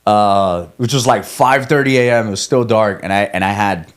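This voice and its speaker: Low-voiced man telling a rambling, profane story. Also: moderate pace. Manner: rambling, profane, self-coaching, frequent restarts. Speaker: guest, ultramarathon runner. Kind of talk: candid conversational podcast talk.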